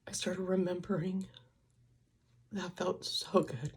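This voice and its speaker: A woman's voice: fairly low pitch, fairly even intonation, takes it slowly, breathy edge. An older woman vlogging, speaking in an emotional, tearful and confiding way as she cries. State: crying. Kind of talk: personal vlog.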